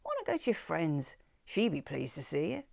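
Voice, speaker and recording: A woman's voice: low-pitched, very animated, moderate pace, gravelly, a little mellow, dry recording, studio quality, heavily acted. A woman reading the lines of a teasing, easygoing male London cab driver in a story. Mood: coaxing. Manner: easygoing, teasing, calls her love. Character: warm London cab driver, middle-aged man.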